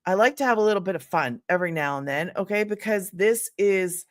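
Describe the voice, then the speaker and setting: Older woman as a livestream host: excitable, chatty, greets viewers by name, laughs easily. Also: mid-range voice, fairly quick. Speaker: livestream host selling online business programs. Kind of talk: casual livestream chat with viewers.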